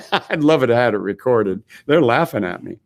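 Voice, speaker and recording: A man's voice: medium pitch, expressive, moderate pace. A man speaking at a conference, telling a story with acted-out dialogue and repeating himself for emphasis. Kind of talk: animated storytelling.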